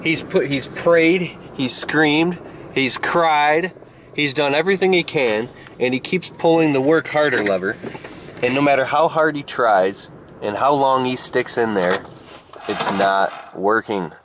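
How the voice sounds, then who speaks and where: A man giving an improvised motivational story in an animated, emphatic way. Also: unhurried, slight background noise. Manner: animated, emphatic, jumps up in pitch for effect. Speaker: motivational speaker.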